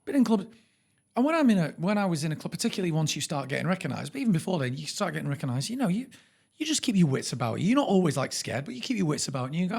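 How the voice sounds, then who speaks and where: A man's voice: fairly high pitch, expressive, fast, vocal fry, darkish tone. A man co-hosting a podcast, chatting in a reflective way, with stammering restarts. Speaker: podcast co-host. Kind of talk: casual chat.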